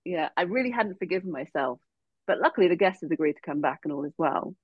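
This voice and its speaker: A woman's voice: sits low, expressive, fast, husky, dry recording. Woman, coach as podcast guest, giggly storyteller, dry close sound. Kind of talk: casual podcast chat. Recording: dull lo-fi podcast audio.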